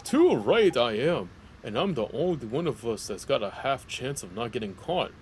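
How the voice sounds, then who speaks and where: A man's voice: mid-range voice, sing-song, normal speed, a little hiss or hum, close to an everyday voice. Cheeky boastful lil fairy guy read out by a man, bouncy swingy voice, slangy and blunt. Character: cheeky little male fairy sidekick.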